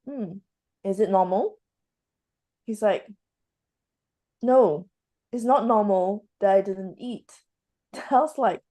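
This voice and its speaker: A woman with a warm, mid-range voice hosts a spiritual talk show full of casual conversation. She tells stories from her experiences and acts out the dialogue in them.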